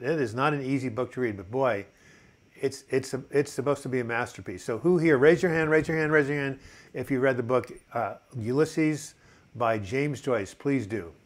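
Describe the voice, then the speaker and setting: An older man hosting a casual live chat, upbeat and chatty as he reads out viewer comments, with plenty of fillers. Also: medium pitch. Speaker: host of a mental health live chat.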